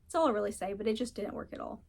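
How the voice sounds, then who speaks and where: A woman's voice: mid-range voice, rapid-fire, gravelly, slight background noise. Frank, ranting woman book reviewer. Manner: frank, ranting, laughs often, swears; animated, mocks characters in put-on voices. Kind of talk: casual chat.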